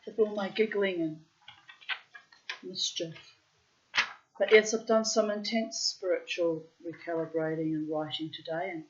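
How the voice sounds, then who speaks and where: Here the same kind of speaker, a woman vlogger in her late fifties, tells a story in a loose, casual ramble. She's cheeky and mocks herself, laughing a lot and breaking into high, squealing exclamations, all captured on a muffled recording.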